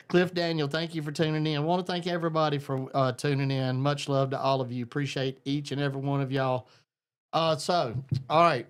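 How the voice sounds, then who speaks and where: A man's voice: medium pitch, fairly even intonation, moderate pace. A man hosting a live talk show, folksy and rambling as he greets listeners. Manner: folksy, rambling, Southern "y'all". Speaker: host.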